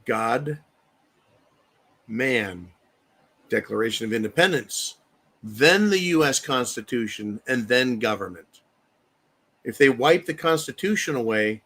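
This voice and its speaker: This man's mid-range, slightly bright voice is expressive yet unhurried, with frequent pauses, as he hosts a livestream. He rants angrily about politics, swears a lot, and reads out comments from viewers.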